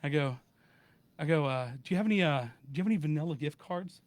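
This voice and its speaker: Fast, high-voiced man telling a story. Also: dry recording. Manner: animated, acts out both sides of phone calls. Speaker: podcast co-host. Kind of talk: casual storytelling with friends.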